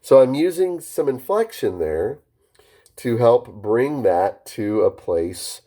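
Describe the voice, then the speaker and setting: A man coaching on phone sales skills in casual talk to camera, varying his pitch and speed on purpose and often restarting his sentences. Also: big pitch swings, slow pace, warm tone.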